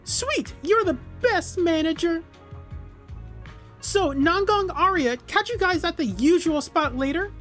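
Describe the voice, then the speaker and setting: A streamer voicing a peppy young female idol in a game, bouncy and excitable, over quiet music. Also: very high voice, measured pace, pitched above the performer's own voice, full character voice. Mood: chirpy. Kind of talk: voicing game dialogue aloud.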